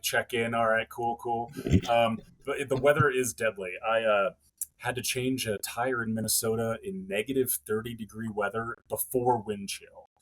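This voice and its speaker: A man co-hosting a podcast in relaxed chat, easygoing and thinking aloud as he talks. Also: mid-range voice. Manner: easygoing, laughs along, thinks aloud with fillers. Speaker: podcast co-host. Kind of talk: casual chat.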